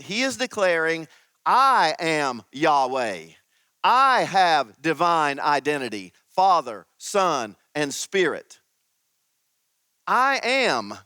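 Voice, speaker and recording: Slow, emphatic male preacher. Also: on the high side, bright, forceful tone, clear, resonant tone, no room sound. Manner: slow, emphatic teaching with dramatic pauses. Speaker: pastor. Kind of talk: sermon.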